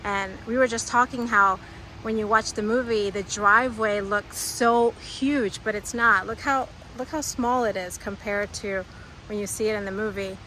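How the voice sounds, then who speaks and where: A woman vlogging outdoors on a phone camera, chatty and excited, often laughing. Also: medium pitch, moderate pace, slight background noise. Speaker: travel vlogger. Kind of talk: casual vlog narration. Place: outdoors at a house and its grounds.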